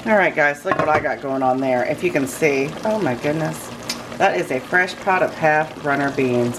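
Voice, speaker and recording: A woman's voice: low voice, normal speed, background noise. A woman chatting casually to camera in her home kitchen, folksy and gushing over fresh food. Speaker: home cooking vlogger. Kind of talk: casual cooking chat to camera. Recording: kitchen clatter of pots and dishes.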